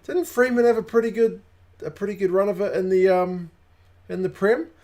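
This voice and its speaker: A man's voice: high-pitched, moderate pace, darkish tone. A man hosting a live rugby watch-along, chatting casually, rambling and greeting viewers by name. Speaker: rugby channel host.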